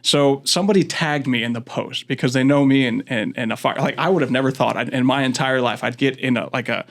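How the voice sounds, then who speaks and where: A man's voice: mid-range voice, a little fast, vocal fry, a bit bright. A man from Florida, a father, casually telling rambling stories as a podcast guest, laughing often and acting out what others said. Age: adult, father of school-age daughters. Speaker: guest, county commission candidate. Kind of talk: casual storytelling chat.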